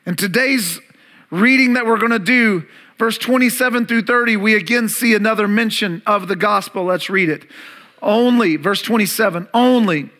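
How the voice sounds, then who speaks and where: A man's voice: high voice, moderate pace, bright, forceful tone. A man preaching a sermon as a pastor, reading scripture and repeating key words for emphasis while asking the congregation questions.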